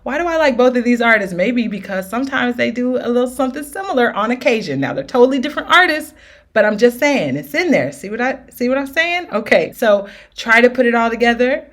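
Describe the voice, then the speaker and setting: A woman's voice: on the high side, animated, brisk, a bit bright. A woman teaching an R&B singing lesson with demonstrations, upbeat and encouraging, often checking in with her students. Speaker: vocal coach.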